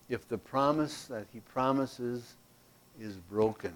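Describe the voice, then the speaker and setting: A man teaching a Bible class from a handout, animated and folksy, with playful asides and loudness that swings from emphatic to hushed. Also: mid-range voice, a little slow.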